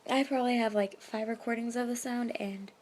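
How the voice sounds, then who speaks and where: A woman's voice: a little high, fairly even intonation, a little fast, darkish tone. Young woman rambling into her phone at night, lots of likes and um, half whispering, bit of hiss. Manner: chatty, many fillers, drops to whispers. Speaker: vlogger. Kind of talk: casual storytelling vlog. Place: bedroom at night, window open. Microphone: phone camera.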